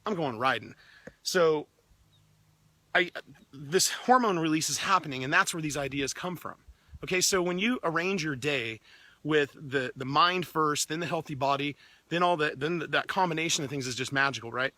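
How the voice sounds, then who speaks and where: A man giving an energetic, upbeat motivational talk to his team, often repeating words as he pushes ahead. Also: a little high, moderate pace, no echo.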